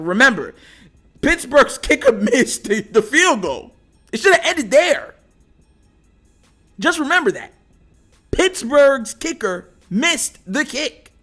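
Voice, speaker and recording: A sports show host rants casually like a fan, tossing out slangy trash talk and laughing often between lines. The voice is medium-pitched and fairly bright.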